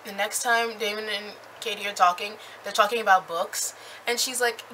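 A young woman recapping a book in a chatty, animated way with lots of fillers. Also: mid-range voice, normal speed, slight background noise, poor audio. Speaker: book reviewer.

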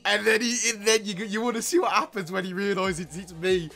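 Hyped young gaming host. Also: male voice, high-pitched, fairly even intonation, brisk, pushed and bright. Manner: hyped, rambling, slangy. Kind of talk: casual video intro.

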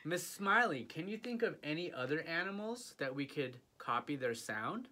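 Casting: male kids' music teacher, slow and playful, bright tone with a lively, swooping pitch. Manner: slow, playful, inviting kids to join in. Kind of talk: early childhood music lesson.

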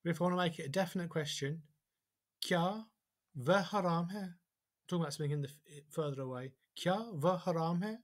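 A man giving a whiteboard language lesson. He sounds out example phrases slowly and carefully. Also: fairly high pitch. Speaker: language teacher.

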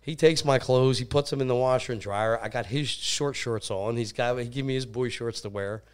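A man's voice: medium pitch, normal speed, clear, resonant tone. A man casually telling crude personal stories on a podcast, laughing often and swearing. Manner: laughing, animated anecdote teller, swears often. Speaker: podcast guest. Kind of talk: casual storytelling.

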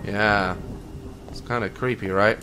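A young English man giving jokey, swearing commentary while playing a horror game, with loud startled yelps. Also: fairly low pitch, steady tone, a little slow, loud music behind the voice. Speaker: gaming YouTuber. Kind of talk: let's play commentary.

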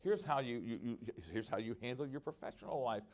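A man's voice: medium pitch, lively intonation, brisk, darkish tone. A middle-aged man teaching at a conference workshop, earnest and conversational, with frequent restarts and personal stories. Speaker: preacher.

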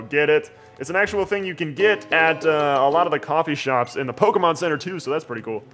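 A man's voice: on the high side, quick pace, a bit bright, soft background music. A man giving casual, rambling and jokey gameplay commentary as a let's play host.

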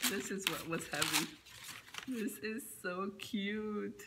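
A woman vlogging as she unboxes gifts, gushing over each one and often dropping to a soft whisper. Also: medium pitch, very noisy. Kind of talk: unboxing chat to camera. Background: background music.

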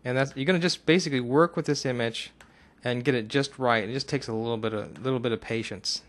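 Brief: man, screencast tutor at his computer mic, chatty step-by-step talk, mid-pitched, prone to loud whoops. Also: quick pace. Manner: talks himself through each step, bursts into excited whoops. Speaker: software tutorial instructor. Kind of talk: casual screencast tutorial narration.

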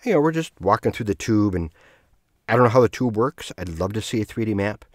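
A man hosting his own podcast, telling a personal story in a rambling, self-correcting way with soft laughs. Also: on the low side, animated, fairly quick, no room sound, studio quality. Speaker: podcast host. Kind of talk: casual storytelling monologue.

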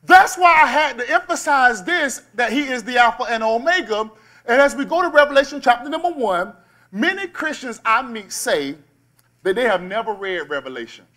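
A male pastor preaching a sermon, calling on the congregation to shout back and drawing out key words. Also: very high voice, animated. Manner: call-and-response preaching, slows and stresses key words.

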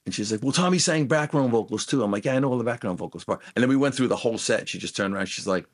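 A man's voice: mid-range voice, racing. A middle-aged man telling road stories in a casual interview, acting out the dialogue in each story. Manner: animated anecdotes, acts out quoted dialogue. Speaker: guest musician.

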